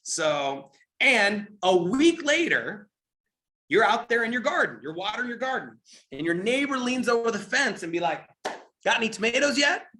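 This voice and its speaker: A man leading a live business training, telling an animated story and checking in with listeners. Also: high voice, normal speed. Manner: animated storytelling, keeps asking "right?". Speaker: network marketing trainer.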